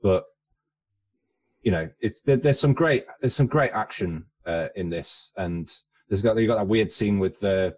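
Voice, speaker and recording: A man co-hosting a casual film podcast, halting and repeating words as he searches for them. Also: on the low side, a little mellow. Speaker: podcast co-host.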